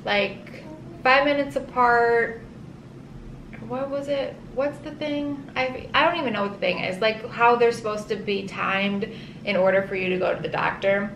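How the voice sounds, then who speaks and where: A woman casually telling her own birth story in an animated, dramatic way, leaning on "like" a lot. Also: fairly high pitch, normal speed, vocal fry. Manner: animated, dramatic, says "like" often. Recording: roomy echo with faint ambient hiss.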